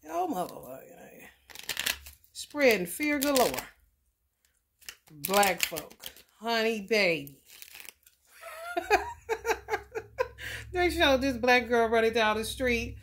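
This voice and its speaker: A woman's voice: a little high, big pitch swings, slow pace, fairly bright tone, a little hiss or hum. A woman, talking loosely and profanely in a casual tarot vlog. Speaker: tarot reader.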